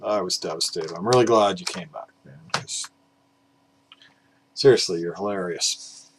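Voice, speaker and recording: A man's voice: sits low, normal speed, background noise. A man talking casually about vinyl records in a rambling, hesitant way, with plenty of fillers and the odd swear word. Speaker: record collector vlogger.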